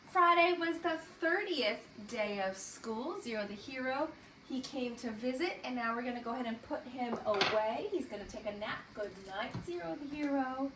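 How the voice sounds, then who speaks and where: A woman's voice: a little high, fairly bright tone, far from the mic, a little hiss or hum. Echoey, encouraging first grade teacher woman. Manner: slow, clearly spoken, encouraging teacher talk to young children. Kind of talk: morning meeting for distance learning. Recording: echoey room, voice from off-mic.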